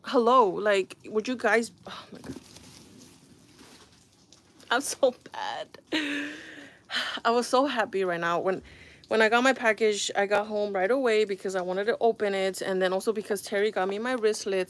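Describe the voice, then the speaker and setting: A woman with a medium-pitched, brisk voice vlogs at home on a phone camera, casually reviewing a handbag. She rambles and sounds exasperated, sighing frequently.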